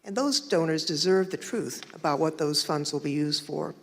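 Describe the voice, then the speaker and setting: A woman on a committee reading a prepared statement at a hearing, formal and steady. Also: sits low, normal speed, in a large hall. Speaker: committee member.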